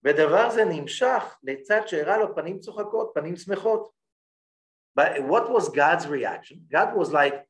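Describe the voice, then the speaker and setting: Male rabbi, slightly high voice, teaching: fast Hebrew readings, unhurried English explanations. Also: big pitch swings. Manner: reads Hebrew text quickly, then explains it in English; checks in with listeners by saying "okay?". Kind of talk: Torah class teaching.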